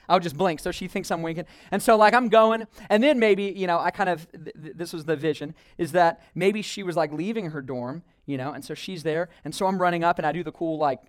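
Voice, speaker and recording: Animated young man telling a sermon story. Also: high voice, smooth, no echo, studio quality. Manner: casual, animated, many filler words.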